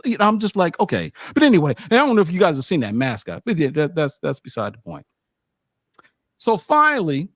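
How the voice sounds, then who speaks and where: Animated man telling a sports-trip story. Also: medium pitch, no room sound, clean studio sound. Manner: animated, stammering restarts, lively asides. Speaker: publisher recounting a game trip. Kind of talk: casual storytelling on a sports show.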